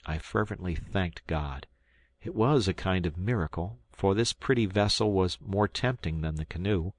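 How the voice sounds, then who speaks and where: A man with a very low voice reads an old novel aloud at a measured, steady pace. The sound is close and dry, with no room around it. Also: no room sound. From South Carolina, United States. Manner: measured, steady reading that lifts into dialogue. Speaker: volunteer audiobook reader. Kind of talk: audiobook narration.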